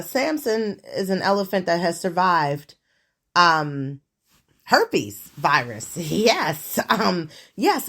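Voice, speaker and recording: A middle-aged woman sounds off on her solo show, cursing freely and sounding disbelieving. Her pitch swings widely from low grumbles to high squeals. She stammers, restarts and laughs as she rants. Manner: profane, ranting, incredulous. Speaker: show host. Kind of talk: solo commentary on current events.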